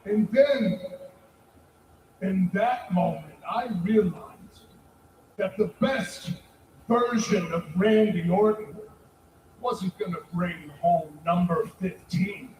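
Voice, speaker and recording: Man, pro wrestler, menacing deliberate delivery, sudden shouts, echoey arena far off. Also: high voice, a little hiss or hum. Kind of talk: arena promo.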